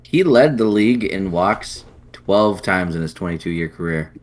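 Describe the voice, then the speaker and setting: Male podcast co-host, very deep voice, dry and jokey, rattles off numbers. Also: animated, a little slow. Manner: dry, jokey, reels off stats. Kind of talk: casual chat about baseball.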